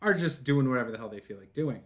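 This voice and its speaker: A man narrating as game master of a tabletop role-playing game, relaxed and chuckling often. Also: medium pitch, quick pace. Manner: relaxed, chuckling, uses fillers.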